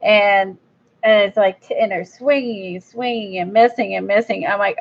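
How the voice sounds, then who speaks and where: A woman talks through her craft project in loose, rambling chat and speaks bluntly about her lack of patience. Her voice has a gravelly fry to it. The recording sounds dull and lo-fi. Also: medium pitch, normal speed. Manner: blunt, rambling, self-described impatient. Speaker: crafter vlogger. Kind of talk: casual chat while crafting.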